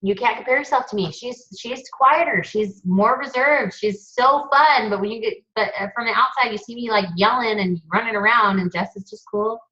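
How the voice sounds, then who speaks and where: A woman's voice: on the high side, lively intonation, normal speed, few pauses, sharp tone, dull audio. A woman hosting a webinar in a casual, chatty, gushing way. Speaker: webinar host.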